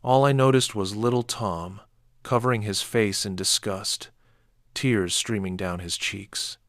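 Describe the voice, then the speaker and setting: A man reading a first-person horror story as scripted narration, measured and low-key, with sharp outbursts when quoting. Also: no room sound, studio quality.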